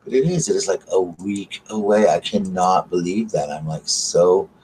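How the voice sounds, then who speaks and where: A man's voice: low-pitched, normal speed, a little mellow, slight background noise, poor audio. A man chatting casually and gushingly to his live stream viewers, full of fillers. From Southern United States. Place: home at night by candlelight.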